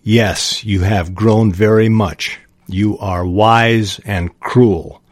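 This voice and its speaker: A fallen old wizard, bitter and proud, speaking slow and hushed from a book passage, read by a man. His voice sits low and dry, close to the mic. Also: fairly even intonation, no echo. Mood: bitter, cold.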